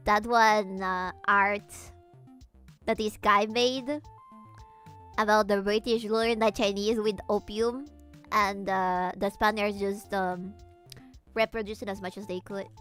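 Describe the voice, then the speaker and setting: A woman's voice: medium pitch, fairly even intonation, takes it slowly, a bit bright, faint music behind. A woman from Latin America chatting casually while streaming a game, rambling and swearing freely as she goes. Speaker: VTuber streamer.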